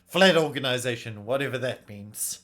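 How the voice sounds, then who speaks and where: A man voicing an angry, rude male wolf bandit in a game, talking brashly and loudly. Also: mid-range voice, expressive, moderate pace, natural voice. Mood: scornful. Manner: brash, shouting, swearing.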